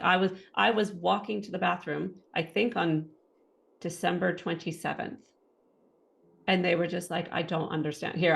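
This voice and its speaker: Gravelly-voiced woman telling her story. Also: low voice. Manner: animated storytelling, acting out what others said and thought. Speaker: interview guest. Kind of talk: personal testimony in an interview.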